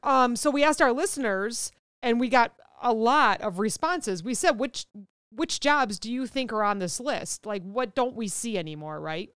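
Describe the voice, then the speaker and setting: Clear-voiced woman co-hosting a podcast. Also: on the high side, animated, moderate pace, fairly bright tone, no echo, studio quality. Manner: reactive, laughs often, reads listener answers. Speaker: podcast co-host. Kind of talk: casual chat.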